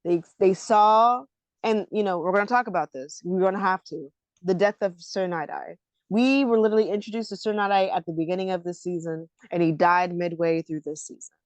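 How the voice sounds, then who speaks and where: A woman co-hosting a podcast, chatting about an anime in an animated, emotional way that often breaks into laughter. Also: fairly low pitch, brisk, no echo. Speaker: podcast co-host. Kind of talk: casual anime discussion.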